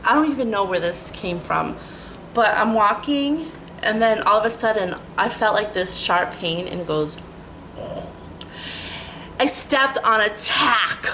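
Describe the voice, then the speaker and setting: A middle-aged woman telling a rambling, animated story in a casual vlog, full of "like" and restarts. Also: medium pitch, measured pace, pauses often, a little hiss or hum, poor audio. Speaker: storytelling vlogger.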